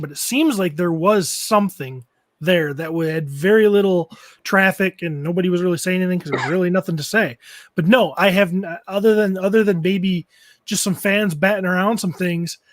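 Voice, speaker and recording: High-voiced man, halting and dry. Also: no room sound. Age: middle-aged. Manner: halting, restarts his thoughts while recalling. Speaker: podcast guest. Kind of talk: casual chat.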